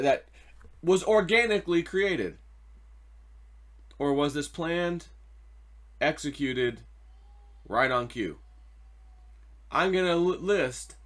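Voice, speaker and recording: A man hosting his own commentary video, excitable and mocking, swinging from loud repeated outbursts to a low mutter. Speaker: host.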